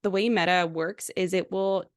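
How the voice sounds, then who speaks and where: A woman guest on a podcast, explaining advertising in a relaxed, conversational way with lots of fillers. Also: lowish voice, normal speed. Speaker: guest, ad specialist. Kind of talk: casual interview chat.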